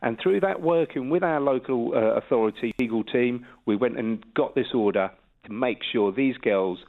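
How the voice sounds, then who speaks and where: A man's voice: medium pitch, moderate pace. A man, a police detective superintendent, giving an earnest, official phone interview. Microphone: telephone. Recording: tinny phone line.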